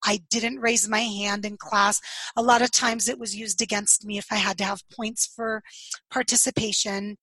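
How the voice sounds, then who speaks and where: A woman with a slightly hoarse, husky voice, telling her life story in an interview and acting out the dialogue she recalls. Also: mid-range voice, flat delivery, moderate pace, bright, forceful tone, no room sound, low-quality recording. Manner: storytelling, acts out quoted dialogue, laughs often. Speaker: podcast guest.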